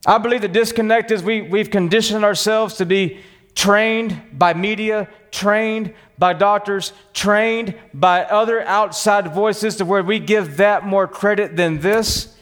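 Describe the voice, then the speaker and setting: A man's voice: sits high, steady tone, a little slow, fairly bright tone, long reverb tail. A man with a Texan accent preaching a sermon as pastor, talking with passion and fight in a church.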